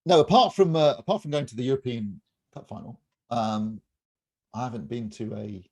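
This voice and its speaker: A man's voice: mid-range voice, normal speed, darkish tone. A man in his fifties, a podcast co-host, chatting casually in a wry, rambling, joking way. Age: 50s. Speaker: reviewer and co-host. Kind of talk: casual chat.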